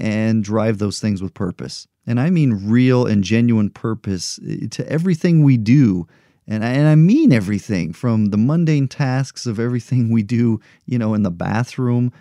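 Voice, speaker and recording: A man's voice: mid-range voice, warm tone, no echo, studio quality. A middle-aged man hosting a motivational podcast, talking earnestly and encouragingly, repeating rhetorical questions to his listeners. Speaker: podcast host.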